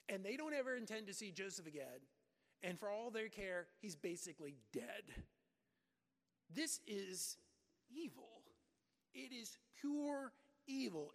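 A man's voice: high-pitched, fairly bright tone, in a large hall. A man preaching a sermon in an emphatic, dramatic way, repeating words as he builds his points.

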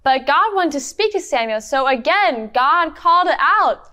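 A woman narrating a Bible story for children in a clear, encouraging teacher tone. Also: high-pitched, lively intonation, normal speed, bright, forceful tone. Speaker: children's Bible lesson leader. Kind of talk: interactive Bible storytelling for kids.

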